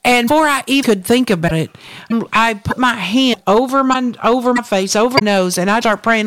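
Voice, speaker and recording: A woman, co-hosting a faith talk show and telling a personal testimony in an animated, storytelling way. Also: on the high side, brisk, dry recording. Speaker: co-host.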